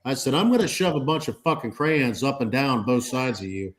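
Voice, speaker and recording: A man's voice: mid-range voice, animated, brisk. Salty, swearing male storyteller. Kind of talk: casual chat.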